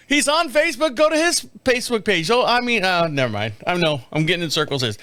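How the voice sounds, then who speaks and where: A middle-aged man hosting a podcast, telling rambling, animated stories and putting on mocking voices in a casual monologue. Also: high voice, moderate pace, long pauses, clean tone, no room sound. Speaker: podcast host. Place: home studio.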